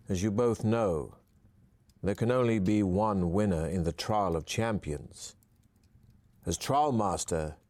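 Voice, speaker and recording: Man voicing a stern dwarf trial master, deep and formal, very low voice, measured. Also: a little mellow, no room sound.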